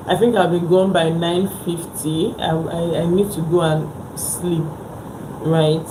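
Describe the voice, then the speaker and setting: A woman giving a motivational live talk. She speaks in a lowish voice and drives each point home by repeating short phrases. The sound is roomy and echoey, with steady background noise. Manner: emphatic, repeats phrases for stress. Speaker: livestream host.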